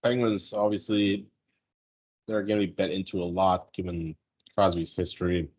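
Man, very deep voice, husky, rambling sports betting talk, casual swearing. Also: level tone, normal speed, darkish tone, highs cut off. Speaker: sports betting podcast co-host. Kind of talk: casual chat.

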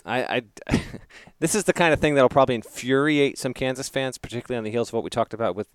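Measured man explaining on a podcast. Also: medium pitch, smooth, no room sound. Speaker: college basketball reporter, podcast co-host. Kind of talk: casual podcast chat.

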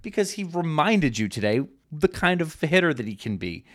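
A man's voice: a little high, big pitch swings, normal speed. A man co-hosting a sports podcast in casual chat, making wry, joking asides. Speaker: podcast co-host.

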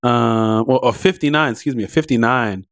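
A man's voice: mid-range voice, normal speed, no room sound, studio quality. A man co-hosting a casual movie review chat, playful and teasing. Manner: playful, teasing, jumps into loud mock exclamations. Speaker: movie review podcast co-host.

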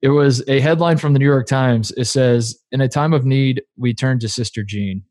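A man's voice: medium pitch, moderate pace, a little mellow, no echo. Rambling man in a casual podcast chat. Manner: rambling, laughs easily, lots of fillers. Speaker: podcast co-host.

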